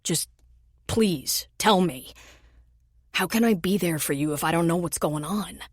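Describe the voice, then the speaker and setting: A tender, devoted firefighter, voiced by a woman narrator, speaking low and earnest in a romance audiobook. The voice sits a little low and gentle. The recording is dry and close. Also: unhurried, dry recording. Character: tender devoted male firefighter, adult man.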